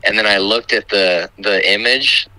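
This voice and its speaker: A young man calling in to a podcast, talking in a relaxed, unhurried way. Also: on the low side, slight background noise, low-quality recording. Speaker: phone-in guest. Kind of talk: casual chat.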